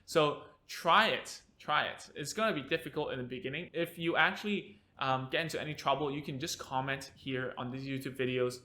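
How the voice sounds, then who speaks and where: Bright-voiced man giving parenting advice. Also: mid-range voice, a little fast, hardly any pauses, a little hiss or hum. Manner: energetic, conversational, frequent tag questions. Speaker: speech therapist. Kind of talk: educational video talk to parents.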